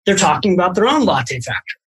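A middle-aged man, a financial author and podcast guest, tells anecdotes in a lively way with quick asides. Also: high voice, husky, poor audio. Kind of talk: storytelling in a podcast conversation.

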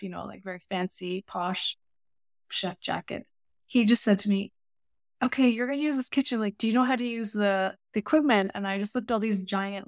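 A woman, a baker and teacher, telling lively anecdotes as an interview guest. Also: medium pitch, dry recording, clean studio sound. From Canada. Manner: lively anecdotal storytelling with voiced asides. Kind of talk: casual interview storytelling.

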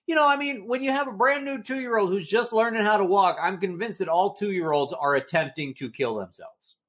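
A man's voice: high voice, normal speed. A man co-hosting a movie-review podcast, ranting with exasperation about the film's silly moments. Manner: animated, exasperated rants. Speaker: podcast co-host. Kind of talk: casual movie-review chat.

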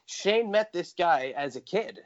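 A man's voice: high-pitched, lively intonation, measured pace. A man on a casual podcast giving long, rambling explanations. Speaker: podcast guest. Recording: dull lo-fi sound.

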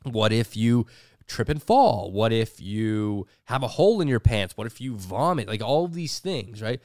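A man's voice: on the low side, expressive, unhurried, darkish tone, no echo, studio quality. A man co-hosting a casual podcast chat, explaining his views firmly and arguing back with everyday examples. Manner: firm, argumentative, explains with examples. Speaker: podcast co-host.

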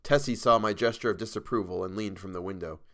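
Reading aloud as a podcast narrator, this low-voiced man delivers a horror tale steadily and evenly, heavy with dark drama.

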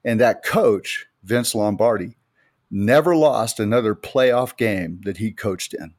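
Speaking slowly in a lowish voice, a middle-aged American co-host shares emphatic anecdotes on a casual faith podcast, storyteller style. The audio is studio quality with no echo.

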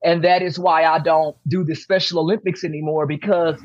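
Emphatic woman interview guest, husky voice, dull dry recording, hammers points home. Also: deep voice, fairly even intonation, fairly quick, a little mellow, dry recording. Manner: emphatic, repeats key points. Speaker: podcast guest, athlete. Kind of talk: candid interview talk. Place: room at home with posters behind.

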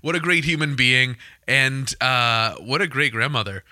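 A man's voice: medium pitch, unhurried, pushed and bright, no room sound. A man hosting a podcast in casual chat, reacting with enthusiasm and moving the countdown along. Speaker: podcast host.

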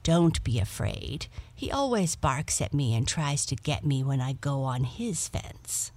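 A woman voicing a friendly, polite female yellow cat who calmly reassures her new friend in a storybook reading. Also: very deep voice, measured pace, heavily acted. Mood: reassuring.

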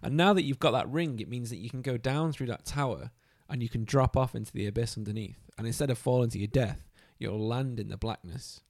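A man's voice: medium pitch, a little fast, hardly any pauses, no echo, clean studio sound. A man chatting casually about a video game, enthusiastic and swearing freely.

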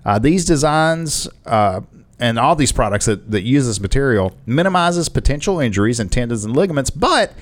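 A man's voice: mid-range voice, expressive, normal speed. A man co-hosting a casual podcast, joking, laughing often and reading ad copy. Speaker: podcast co-host.

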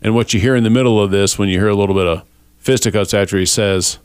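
A man hosting a casual faith podcast, talking in a relaxed, rambling, self-deprecating way. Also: on the low side, fast talker, clean tone, no echo. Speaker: podcast host.

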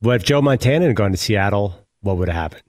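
A man's voice: fairly low pitch, animated, fast talker. A man co-hosting a sports talk radio show, needling and arguing with the host. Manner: needling, argumentative.

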